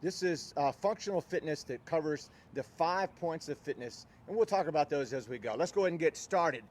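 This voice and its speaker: A man leading a live outdoor workout class, counting reps loudly in a drill-style voice and chatting between sets, on a visor mic with a windscreen on a windy day. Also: a little high, brisk. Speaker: fitness instructor. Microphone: visor-mounted mic with fuzzy windscreen.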